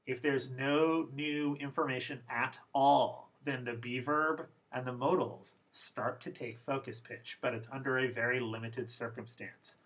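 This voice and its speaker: A man teaching English pronunciation in a recorded lesson, explaining slowly and with deliberate emphasis. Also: mid-range voice, steady tone, a bit bright, low-quality recording.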